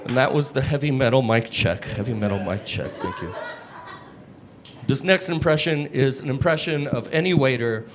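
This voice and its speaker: A man doing a stand-up comedy set on a club stage, deadpan, crude and self-mocking, on a handheld mic. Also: mid-range voice, moderate pace. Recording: live stage mic with room noise.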